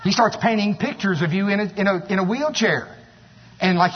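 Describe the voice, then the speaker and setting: A man preaching with a high, husky voice that swings from low and quiet to loud exclamations. The sound is dull, with a long reverb trailing behind him in the hall. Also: brisk. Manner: animated, exclaiming, mocking voices. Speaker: pastor. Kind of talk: sermon.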